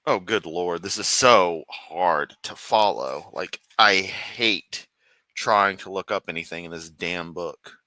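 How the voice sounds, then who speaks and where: A man's voice: deep voice, slow pace, sharp tone, no echo. A man from the United States hosting a casual reaction stream from his room at home, swearing often and rambling sarcastically. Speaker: streamer host.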